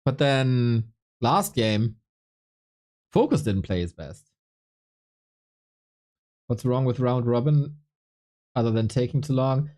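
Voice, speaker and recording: A man's voice: mid-range voice, takes it slowly, long pauses. A male esports caster talks through a live stream in a loose, conversational way, bantering with chat. He sounds worn out and slightly under the weather, with a voice sitting in an ordinary middle register. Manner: relaxed, chatty, joking with chat. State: tired and a bit unwell. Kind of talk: casual live-stream commentary, chatting with viewers.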